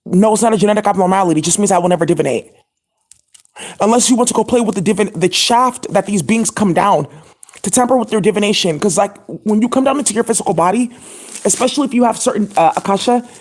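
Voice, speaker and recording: Husky, rambling channel host. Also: medium pitch, fast, darkish tone. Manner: profane, scattered and indignant, many fillers. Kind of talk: rambling monologue to camera.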